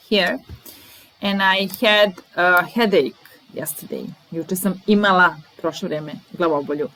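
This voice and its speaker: Slow, careful woman teaching English words. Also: mid-range voice, a bit bright, low-quality recording. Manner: slow, deliberate, repeats example sentences. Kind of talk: vocabulary lesson mixing English and Serbian.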